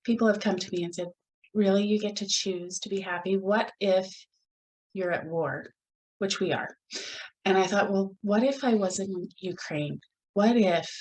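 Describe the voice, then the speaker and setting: A woman hosting her own podcast, talking in an earnest, reflective way with pauses and restarts. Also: medium pitch, low-quality recording. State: gets emotional at moments. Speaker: podcast host. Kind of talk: solo podcast talk.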